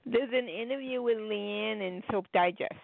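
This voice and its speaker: A woman's voice: mid-range voice, normal speed, vocal fry, dry recording. A woman chiming in during a casual radio chat with short replies and laughs. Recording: tinny phone line, dry.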